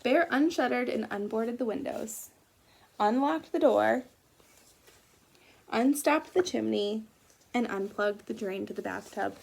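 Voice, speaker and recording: A woman reads a picture book aloud to young children, her voice high and touched with gravelly fry. She reads gently and stops now and then to ask the listeners what they think will happen. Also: measured pace, pauses often. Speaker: teacher reading aloud.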